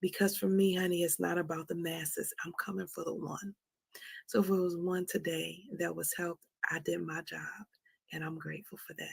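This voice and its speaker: A woman hosting a motivational livestream, speaking softly and slowly with a Southern American touch, often dropping to a whisper. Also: lowish voice, little pitch movement, vocal fry, slightly rough, dry recording. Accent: American, Southern country touch. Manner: soft, slow and prayerful, often dropping to a whisper. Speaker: livestream host.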